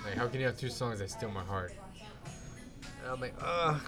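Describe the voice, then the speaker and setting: A man's voice: medium pitch, brisk, music in the background. A man co-hosting a casual chat in a restaurant, talking with fan-like enthusiasm and laughing often. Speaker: podcast co-host.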